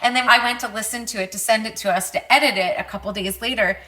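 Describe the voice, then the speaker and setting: Eager woman podcast co-host, bright tone. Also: on the high side, steady tone. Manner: eager, quick to agree and affirm. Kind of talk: casual chat.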